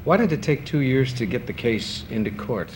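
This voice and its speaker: A man's voice: mid-range voice, moderate pace. A male talk show host interviewing a guest in a conversational way, asking short direct questions. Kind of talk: casual interview. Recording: steady background hiss, 1960s television audio.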